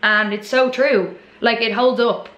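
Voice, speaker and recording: An Irish woman in her twenties, a vlogger, rambles casually while cooking and chatting to the camera, full of fillers and asides. Her voice is on the high side and fairly bright, with fairly even intonation and a measured pace. The recording is muffled, in an echoey room.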